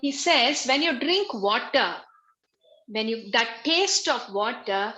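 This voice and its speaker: A woman giving a religious class over a video call, explaining slowly and patiently, often repeating her phrases. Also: fairly high pitch, expressive, bright, forceful tone, low-quality recording. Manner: slow, repetitive, patient explaining. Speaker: spiritual teacher.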